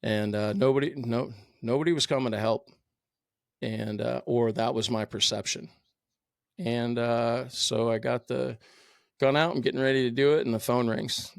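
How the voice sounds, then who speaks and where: Speaking at a moderate pace in a steady, mid-range voice with vocal fry, this middle-aged man is a firefighter captain guesting on a podcast. He recounts his own experiences frankly, profanely, and full of fillers, on a dry, clean studio recording.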